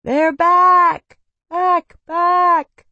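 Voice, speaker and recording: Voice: very high voice, level tone, drawn-out words, pushed and bright, dry recording, lo-fi sound, voice pushed up, heavily acted. A reader doing a sobbing frantic young boy. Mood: excited shouting. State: crying.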